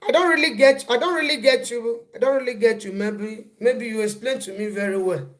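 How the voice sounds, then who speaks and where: A woman's voice: on the high side, brisk. A woman hosting a casual live stream, repeating phrases and breaking off to greet viewers as they arrive.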